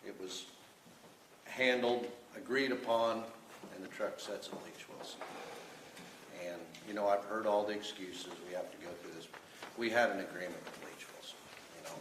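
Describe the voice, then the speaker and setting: A man's voice: lowish voice, normal speed. A man giving a blunt public comment at a county meeting, talking conversationally with lots of fillers. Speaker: member of the public. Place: county board meeting room. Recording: distant mic, echoey room, noise.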